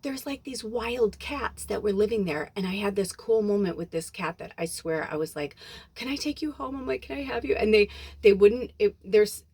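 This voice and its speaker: A woman's voice: mid-range voice, lively intonation, normal speed, a little mellow, breathy edge. A woman vlogging into her phone, a spiritual medium telling a long story in casual chat, swearing freely and acting out the dialogue. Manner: chatty, swears freely, acts out quoted dialogue.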